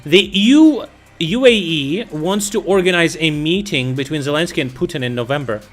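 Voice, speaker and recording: A man with a slightly raised voice talks through war news in a loose, swearing streamer style. He reads headlines aloud and reacts bluntly. Soft music plays faintly underneath. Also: on the high side, normal speed. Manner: profane, blunt, bursts of loud laughter. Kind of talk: casual live-stream commentary.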